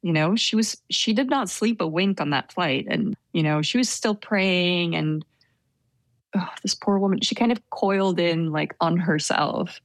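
Low-voiced woman telling a story. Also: unhurried, dry recording. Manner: soft, hesitant, many fillers; introverted. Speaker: interviewee. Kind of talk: casual storytelling.

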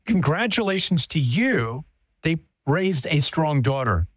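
Affirming male host, slightly high voice. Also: big pitch swings, measured pace, dry recording. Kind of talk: interview conversation.

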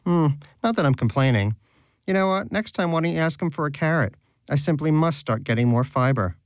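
A man's voice: mid-range voice, very animated, unhurried. A man voicing a brash, sarcastic and greedy male pet rodent who mocks and rants theatrically. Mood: smug, mocking. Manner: mocking, theatrical, indignant.

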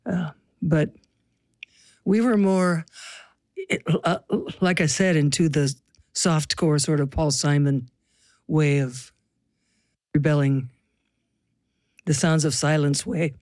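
A woman's voice: low-pitched, slow pace, long pauses, darkish tone, no echo, clean studio sound. An older woman from the US Pacific Northwest, a musician guest telling stories in an interview with a wry, reflective manner. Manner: reflective, wry storytelling with laughs. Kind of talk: interview conversation.

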